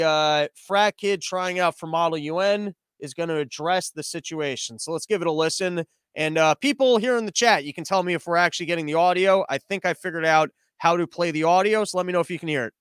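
A man's voice: sits high, a bit bright, clear, resonant tone, no echo. A man hosting a comedy podcast, riffing sarcastically on the news with stammered restarts. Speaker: podcast host. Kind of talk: comedic commentary on a livestreamed podcast. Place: small room that is not soundproofed.

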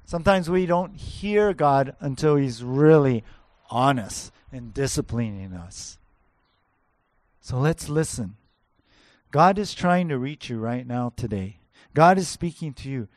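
A man's voice: mid-range voice, lively intonation, measured pace, a little mellow, no echo. A man preaching a sermon in an earnest, emphatic way, repeating key words for stress. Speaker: pastor.

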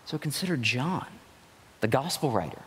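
A man's voice: medium pitch, very animated, moderate pace. Man preaching in a reverberant hall. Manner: conversational, acts out quoted lines. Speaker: pastor. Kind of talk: sermon. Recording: long reverb of a large hall.

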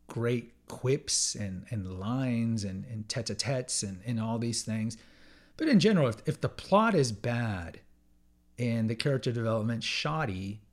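A man hosting a solo podcast, talking in an emphatic, conversational way, repeating key phrases for effect and often restarting his sentences. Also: mid-range voice. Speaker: podcast host.

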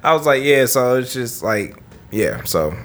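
A man's voice: mid-range voice, very animated, unhurried, faint music behind. A man in casual chat, telling stories and acting out the voices of the people in them. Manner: storytelling, acting out quoted voices, laughing often.

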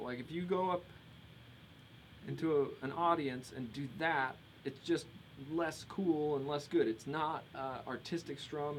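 This man's voice sits a little high, and the poor audio carries some hiss or hum from a streaming mic run through a compressor. In a casual live-streamed guitar lesson, he explains a strumming pattern and counts the beats aloud while his own acoustic guitar strums in the background.

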